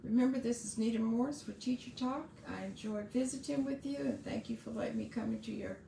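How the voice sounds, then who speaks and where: A woman's voice: fairly high pitch, brisk, vocal fry, warm tone, a little hiss or hum. Chatty woman in an echoey room. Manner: chatty, earnest, restarts and asides. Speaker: podcast host. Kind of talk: casual advice monologue.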